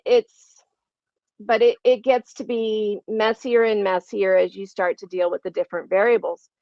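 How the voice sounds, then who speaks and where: A woman's voice: medium pitch, a little mellow, no echo, lo-fi sound. A woman speaking on a panel discussion in a conversational way, with frequent "you know"s.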